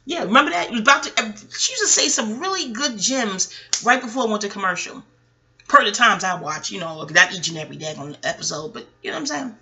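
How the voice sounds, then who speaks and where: Woman astrologer ranting on her podcast, bright sharp voice, cusses a lot, wanders off topic. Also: medium pitch, lively intonation, fast. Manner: rambling, profane and digressive. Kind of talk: casual chat.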